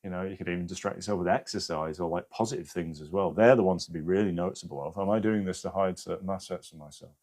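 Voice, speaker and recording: A man's voice: sits low, quick pace, hardly any pauses, darkish tone. A man hosting a live stream, giving casual spiritual advice to viewers, swearing freely and often checking in with "yeah?".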